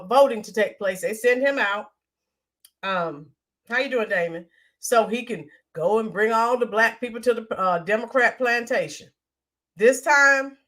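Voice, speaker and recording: A woman's voice: fairly high pitch, a bit bright. A woman hosting a live stream, reading viewer comments in an indignant, emphatic way. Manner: indignant, emphatic, mocking quotes. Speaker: livestream commentary host.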